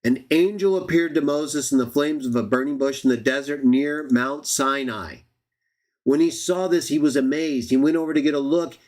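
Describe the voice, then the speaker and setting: A man's voice: fairly high pitch, moderate pace, a little mellow. A man hosting a live-streamed Bible study, reading verses aloud and arguing his point with rhetorical questions to the viewers. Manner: argumentative, addresses viewers as everybody, rhetorical questions.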